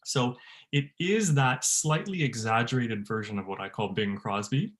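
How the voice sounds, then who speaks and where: A man, a bass-baritone voice teacher, leading an online workshop for choir singers, laughing often and demonstrating sounds. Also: animated, a little slow. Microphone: video call.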